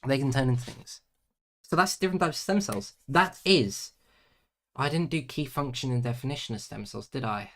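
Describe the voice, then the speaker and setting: A man streaming himself doing homework in casual chat, muttering to himself, tossing out playful nonsense words and halting French, and drifting between loud bursts and quiet mumbling. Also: mid-range voice, expressive.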